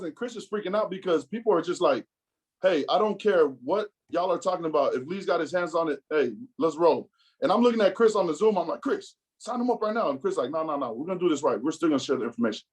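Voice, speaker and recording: High-voiced animated man telling a story. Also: rough recording. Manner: animated storyteller, acts out quotes. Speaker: business speaker. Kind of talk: motivational testimonial talk.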